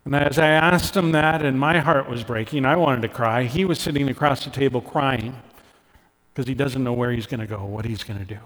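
A middle-aged man from Canada preaching a sermon as a pastor, earnest, lifting his voice for emphasis and dropping soft when he turns personal. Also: mid-range voice, a little fast. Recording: long hall reverb.

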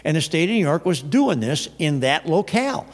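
A man's voice: fairly high pitch, moderate pace. Man preaching in a reverberant hall. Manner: conversational, animated storytelling with frequent restarts. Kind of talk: storytelling sermon. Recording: long reverb of a large hall.

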